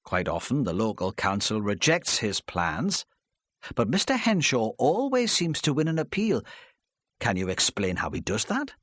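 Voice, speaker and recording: A man as a calm police inspector. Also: mid-range voice, dry recording, studio quality. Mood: probing. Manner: calm, measured questioning. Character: patient, probing male police inspector.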